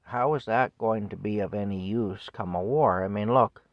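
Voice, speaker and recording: A man's voice: fairly low pitch, moderate pace, no room sound, lo-fi sound. A man in his fifties ranting on his vlog in an indignant, scornful way with wry chuckles. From Canada. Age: 50s. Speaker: vlogger. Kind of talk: solo opinion rant to camera.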